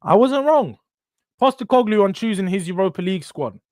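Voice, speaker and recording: A man's voice: high voice, lively intonation, fairly quick, a little mellow, no echo, clean studio sound. A young man hosting a live football stream, ranting animatedly with slang and swearing. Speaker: football channel host.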